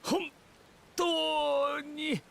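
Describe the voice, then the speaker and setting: A weary, sardonic game villain. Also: male voice, very high-pitched, little pitch movement, extremely slow, gravelly, a bit bright, full character voice. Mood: exasperated. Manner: sighing, exasperated, lazily sardonic. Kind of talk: Japanese game voice acting. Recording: game audio with music behind.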